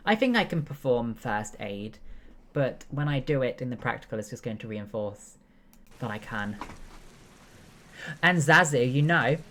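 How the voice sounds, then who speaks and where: A woman's voice: rumbling low, a little hiss or hum. A young woman streaming a game, chatting casually and explaining steps one by one with lots of fillers. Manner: explains step by step, many fillers, chatty asides. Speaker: streamer and nursing student. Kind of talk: casual chat while gaming.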